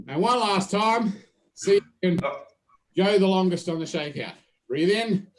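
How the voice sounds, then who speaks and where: A man leading a drama workshop, talking participants through a physical and vocal warm-up with steady, repetitive cues and playful asides. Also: high-pitched, moderate pace. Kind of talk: guided warm-up instructions.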